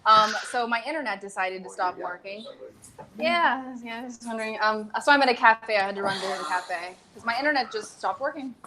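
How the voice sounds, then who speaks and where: A woman joining a casual online panel chat from a cafe, quick-witted and easy to laugh. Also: fairly high pitch, expressive, a crowd in the background. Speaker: panel guest.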